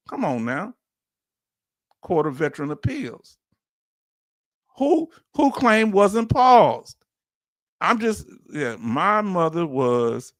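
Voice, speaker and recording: A man with a Southern Louisiana accent giving an animated, preachy commentary as host, full of rhetorical questions and chuckles. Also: fairly high pitch, no room sound, studio quality. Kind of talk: casual commentary monologue.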